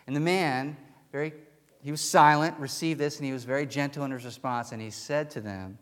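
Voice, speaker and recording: Brisk and a bit bright at medium pitch, a male pastor tells a story during a conversational sermon, restarting and chuckling as he goes. The setting is a church sanctuary with pews, heard through long hall reverb.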